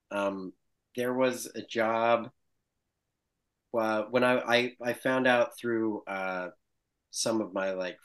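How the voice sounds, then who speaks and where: Animated, laughing male storyteller. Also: fairly low pitch. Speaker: guest actor. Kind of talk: casual podcast chat.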